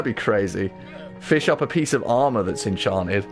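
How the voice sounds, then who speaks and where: A British man talks through a casual gaming livestream in a low voice, easily excited and quick to swear. He stumbles and restarts his sentences as he reads the comments. Faint music plays behind him. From Britain.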